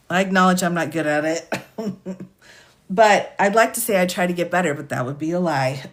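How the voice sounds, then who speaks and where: A woman attorney with a lowish voice hosts a casual livestream, quickly reading out charges and sentences from case lists. She chats with viewers by name and laughs often.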